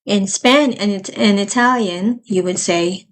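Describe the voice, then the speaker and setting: Woman, language teacher, live lesson, patient explanations, slow repeated phrases. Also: medium pitch.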